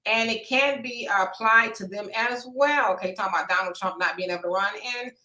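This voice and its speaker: A woman's voice: medium pitch, fairly quick, pushed and bright. A woman hosting a casual live chat, reading out viewer comments in a laid-back, folksy way and laughing often. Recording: echoey room.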